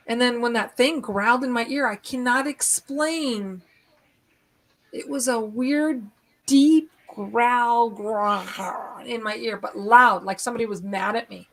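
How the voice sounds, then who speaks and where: A middle-aged woman hosting a live stream, rambling through an animated story and acting out the moments as she goes. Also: on the high side, measured pace. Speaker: host.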